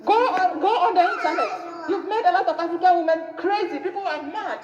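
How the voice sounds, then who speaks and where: A woman with a very high voice, distressed and close to tears. She pleads and accuses, asking the same questions again and again. The sound is dull and echoey, like a phone video. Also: brisk, a crowd in the background. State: distressed, crying. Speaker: mother confronting a social worker on video.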